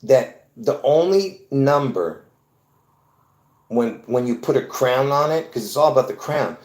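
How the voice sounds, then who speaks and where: A man's voice: medium pitch, lively intonation, measured pace, a little mellow, echoey room. A man talking straight to his viewers, repeating himself and restarting often as he insists on his point. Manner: repetitive, insistent, many restarts and fillers. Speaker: video host. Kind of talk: rambling explanation to viewers.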